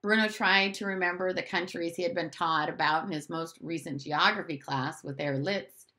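A woman teacher reading a storybook aloud with expressive narration. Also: fairly low pitch, moderate pace.

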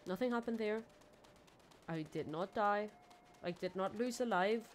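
A woman's voice: mid-range voice, unhurried. Female game streamer, casual rambling commentary, self-mocking, faint background hiss. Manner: chatty, rambling, self-mocking, swings from mumbles to squeals. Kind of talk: casual let's-play commentary.

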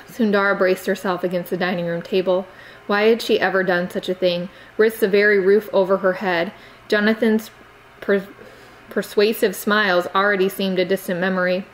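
A woman narrating an audiobook chapter in a steady, measured reading. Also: fairly low pitch, low-quality recording.

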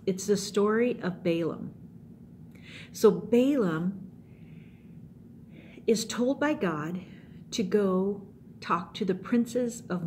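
A middle-aged woman giving an animated youth sermon, telling stories and acting them out. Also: lowish voice, slight background noise. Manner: animated, acts out scenes with voices. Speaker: youth pastor.

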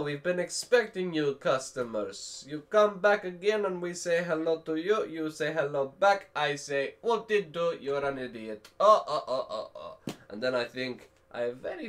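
A man's voice: fairly high pitch, very animated, moderate pace, fairly bright tone. A man voicing an overly polite male shopkeeper with a put-on Russian accent and mock-formal sing-song manner.

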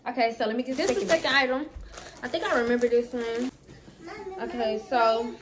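A young woman chatting to viewers in a casual haul vlog, slangy and talkative, with a slight lisp from a new tongue piercing. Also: sits high. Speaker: vlogger.

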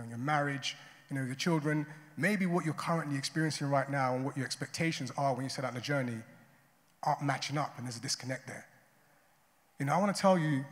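A man preaching a sermon as a pastor, in a conversational way, often adding "right?" and "you know". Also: medium pitch. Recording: long hall reverb.

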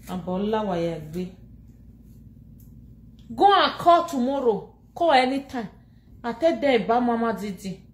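Speaking in a slightly high voice, this Nigerian Pidgin-speaking woman is a social media personality delivering a casual, animated rant to the camera. The room echoes around her while she laughs, scolds, mocks, and moves between languages.

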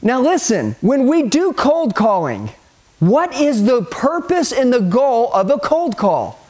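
A middle-aged man giving an energetic sales training talk, punchy and hyped, speaking straight to the listener and acting out phone calls. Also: very high voice, slow.

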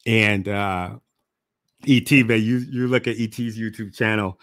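A man talking casually to camera as a motivational speaker and host. He is relaxed, repeats phrases for emphasis and laughs at himself. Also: fairly low pitch, a little slow, no echo, clean studio sound. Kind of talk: casual reflective monologue to camera.

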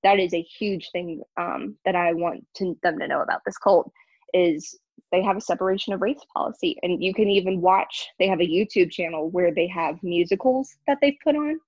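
A young American ex-church member appears as an interview guest, telling her story candidly and emphatically in casual talk. She speaks at normal speed in a fairly low voice. The audio is lo-fi, with no room sound.

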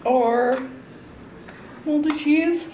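Squeamish young woman, slow drawn out talk, a bit far off in echoey room. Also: sits high, mellow, slight background noise. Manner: dramatic, squeamish, swears. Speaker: guest friend. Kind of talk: casual challenge video chat.

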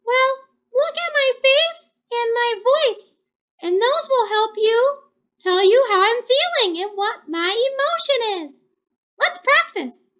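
A squeaky, timid snail puppet. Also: female voice, animated, slow pace, fairly bright tone, full character voice. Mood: nervous, helpful. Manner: squeaky, easily startled, earnest. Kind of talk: children's puppet show.

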